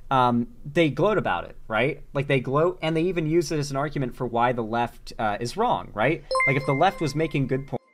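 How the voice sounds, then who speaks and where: A man's voice: medium pitch, expressive, brisk, hardly any pauses, a little hiss or hum. A man giving an earnest, rambling political monologue in a video clip, full of fillers. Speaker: online political commentator.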